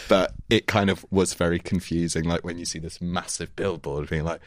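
A young man hosting a casual podcast chat, laughing often and swearing casually. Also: low voice. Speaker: podcast host, touring musician.

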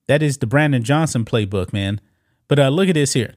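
A man's voice: medium pitch, expressive, fairly quick, no room sound, studio quality. Man scoffing through political commentary. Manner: talks straight to viewers, calls them guys; reads news quotes aloud, scoffing.

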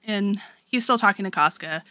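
A woman's voice: medium pitch, normal speed, bright, forceful tone, no room sound. A woman co-hosting a podcast, recapping a story in casual chat, swearing freely and saying "like" often. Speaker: podcast co-host.

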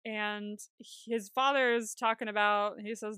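Bright-voiced chatty woman podcaster. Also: mid-range voice, steady tone, a little slow, few pauses, clean tone, no echo, clean studio sound. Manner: chatty, swears freely, laughs often. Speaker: podcast co-host. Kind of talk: casual TV recap chat.

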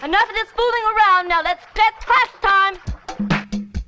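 A woman's voice: very high voice, a little slow. An actress playing a bossy camp counselor calling the girls to order, in a film clip. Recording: film clip under music.

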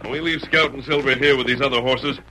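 An actor playing a firm, authoritative masked frontier hero, in 1940s radio acting. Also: male voice, medium pitch, fairly even intonation, a little fast, background noise, lightly acted. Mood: resolute.

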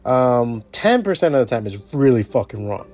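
A man's voice: mid-range voice, sing-song, moderate pace, darkish tone, faint music behind. A man hosting his own podcast, talking in a casual, rambling, profanity-heavy motivational monologue. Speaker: podcast host.

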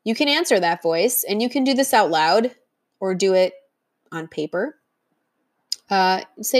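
A woman's voice: mid-range voice, animated, a little slow, long pauses. A woman talks straight to the listener as a diet coach, earnest and encouraging but firm. She teaches in a motivational monologue and briefly acts out the voices she describes along the way.

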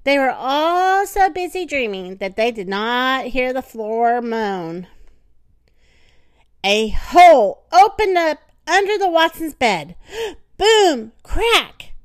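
Animated high woman reading a storybook. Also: clear, resonant tone, no echo, studio quality. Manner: expressive, animated, dramatic pauses. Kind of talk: reading a children's story aloud.

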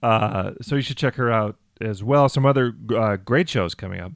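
A man's voice: lowish voice, normal speed, creaky, no echo. A man co-hosting a comedy club podcast in casual chat, joking dryly and plugging upcoming shows. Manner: dry, joking, plugs shows. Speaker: podcast co-host.

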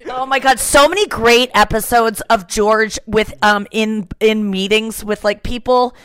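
A woman hosting a podcast, chatting casually and retelling scenes with lively acted-out lines. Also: fairly high pitch, measured pace, clear, resonant tone, dry recording. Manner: animated storyteller, acts out scenes. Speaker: podcast host. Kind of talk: casual chat.

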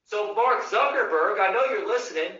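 A podcast host with an expressive voice that sits high rants casually about politics on a live show, swearing and repeatedly restarting his sentences at a moderate pace. The audio is muffled and echoey, as if heard from a distance, with background noise.

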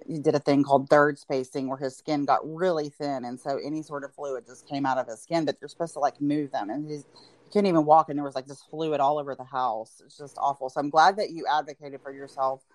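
A woman with a low voice hosts a relaxed podcast chat. She keeps the talk moving with questions and supportive remarks, often murmuring "mm-hmm" as she listens. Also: fairly quick, dry recording. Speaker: podcast host. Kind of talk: casual chat.

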